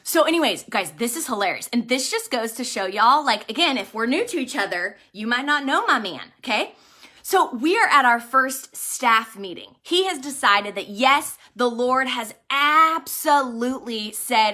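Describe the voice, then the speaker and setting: A woman in her thirties who leads a ministry, telling a personal story in a casual, excitable livestream chat. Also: fairly high pitch, moderate pace. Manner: animated, excitable, talkative storyteller. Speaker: ministry leader and vlogger.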